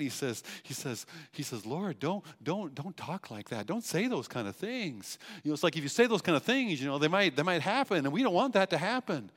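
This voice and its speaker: A man preaching a sermon, emphatic, asking rhetorical questions and repeating phrases. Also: fairly high pitch. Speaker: pastor. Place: church hall. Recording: long hall reverb.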